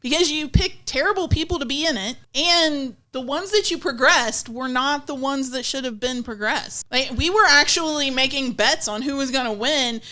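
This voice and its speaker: Woman podcast co-host, high and bright, blunt exasperated rants. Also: normal speed, few pauses. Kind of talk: casual wrestling chat.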